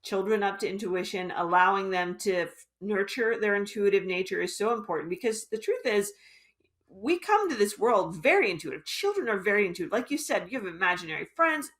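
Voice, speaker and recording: A woman's voice: mid-range voice, expressive, a little fast, fairly bright tone. Earnest woman guest explaining ideas. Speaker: author and intuition teacher, guest. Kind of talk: interview conversation.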